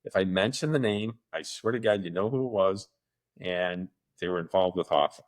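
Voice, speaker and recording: A middle-aged man with a low voice co-hosts a casual podcast at normal speed. He tells rambling stories and acts out the voices of the people he quotes.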